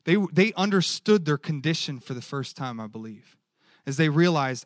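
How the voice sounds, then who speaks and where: A male preacher giving a lively sermon and keeping the audience engaged with questions. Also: medium pitch, normal speed, no room sound. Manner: animated, asks the audience questions.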